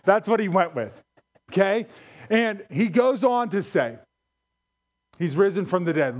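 Animated, higher-voiced male preacher. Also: unhurried, long pauses. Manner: animated, emphatic, repeats key lines. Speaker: pastor. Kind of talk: sermon.

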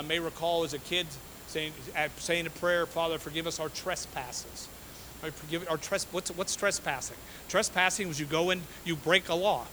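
A man's voice: sits high, pushed and bright, slight background noise, low-quality recording. A man preaching a sermon as pastor, emphatic, repeating his phrases and checking in with "okay?" and "right?".

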